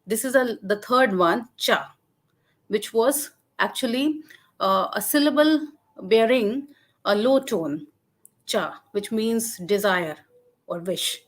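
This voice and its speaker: A woman giving an academic webinar lecture over a video call. She talks haltingly, with many fillers and restarts. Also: on the high side, lively intonation. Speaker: guest lecturer.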